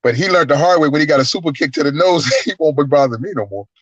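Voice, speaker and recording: A man, a guest wrestler, telling stories in an animated, profane way and acting out the voices. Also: fairly high pitch, racing, dry recording. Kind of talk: casual storytelling. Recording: dull lo-fi, dry sound.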